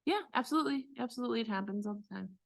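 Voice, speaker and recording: A woman cantor teaching a class on Torah chanting, explaining patiently and then chanting phrases slowly as examples. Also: a little high, vocal fry. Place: synagogue class.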